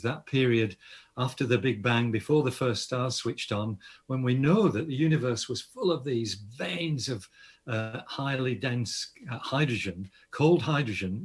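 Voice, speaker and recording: An older Australian astronomer, appearing as an interview guest, explains science enthusiastically and often restarts his sentences. His voice is medium in pitch with a breathy edge.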